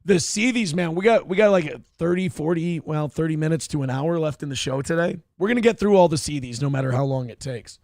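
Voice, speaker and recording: A man in his thirties hosting a live stream, with a gravelly, fry-laden voice pitched a bit above the usual. He talks in a brash, mocking way and breaks into sudden yelled outbursts. The sound is dry and close, with no room around it. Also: fairly quick, few pauses, dry recording. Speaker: livestream show host. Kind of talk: crude casual livestream commentary.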